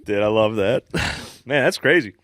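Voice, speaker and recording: A young man co-hosting a podcast, easygoing with quick jokey reactions. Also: on the low side, animated, a bit bright, no echo, clean studio sound. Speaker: podcast co-host. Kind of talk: casual chat.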